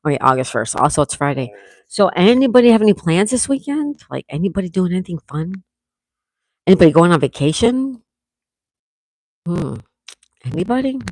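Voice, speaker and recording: A woman hosting a casual live chat, greeting viewers by name and gently scolding her dog, with a sore throat coming on. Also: fairly low pitch, no room sound, clean studio sound. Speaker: livestream host.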